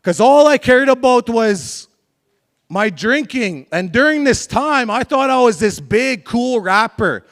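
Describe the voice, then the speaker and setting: A man's voice: very high voice, expressive, a little slow, a bit bright. A young man telling a candid, confessional life story to a live audience, joking with the crowd between heavy admissions. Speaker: speaker sharing his life story. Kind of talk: live motivational talk to an audience.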